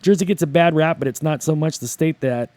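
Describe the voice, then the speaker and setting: A man's voice: on the high side, brisk, dark tone, no echo. A man co-hosting a casual podcast, rambling and crude, joking and restarting his sentences. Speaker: podcast co-host.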